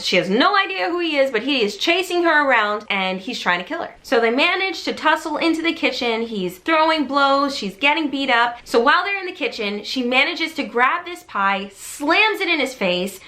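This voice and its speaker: Bright, animated woman telling a story. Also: normal speed, few pauses. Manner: animated, acts out quotes with shifting pitch. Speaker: YouTuber retelling a movie. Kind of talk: casual storytime recap.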